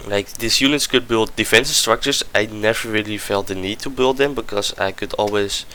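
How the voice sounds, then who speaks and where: A man's voice: on the low side, moderate pace, bright, forceful tone, slight background noise, rough recording. A man giving a casual, rambling game review over gameplay, often stopping to search for words and restart his sentences.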